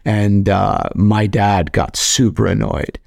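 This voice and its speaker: A young man co-hosting a podcast, telling animated stories in casual, profane chat. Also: on the low side, takes it slowly, vocal fry, dry recording, studio quality. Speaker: podcast co-host.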